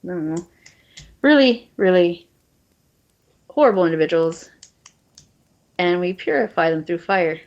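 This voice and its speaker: A woman's voice: on the low side, measured pace, long pauses, a little mellow. A woman voicing a female fire-cult devotee with a Southern country accent, breezy and matter-of-fact, recorded with a dull lo-fi sound. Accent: American Southern country.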